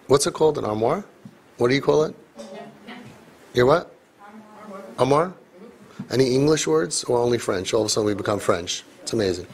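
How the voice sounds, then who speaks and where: A man, a parenting coach, speaking to a live audience in an animated, joking way with quick asides. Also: mid-range voice, vocal fry, breathy edge. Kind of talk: live parenting seminar talk.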